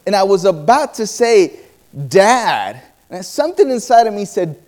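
A man with a notably high voice preaches a sermon to a congregation. He tells personal stories, acts out bits of dialogue, and often stops to restart a phrase. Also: big pitch swings, darkish tone. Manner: storytelling with quoted dialogue and halting restarts.

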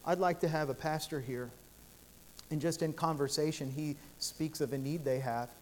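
A man's voice: fairly high pitch, steady tone, moderate pace, darkish tone, slight background noise. A male pastor preaching a sermon in a church sanctuary, telling stories in an earnest, repetitive way with frequent restarts.

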